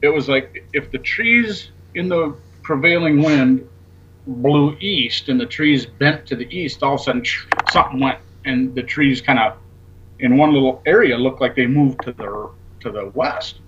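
This man, again a talk show guest, speaks at a moderate pace in a medium-pitched voice that's a bit bright and slightly rough, captured with lo-fi sound. He wanders through a story in casual conversation, voicing the quoted lines of its characters and cursing offhandedly.

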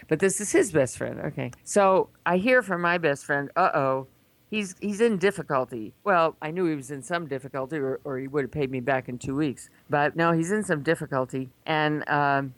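An older woman telling a story in a casual, animated way, laughing at herself. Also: low-pitched, no room sound. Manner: animated, acts out quoted voices, laughs at herself.

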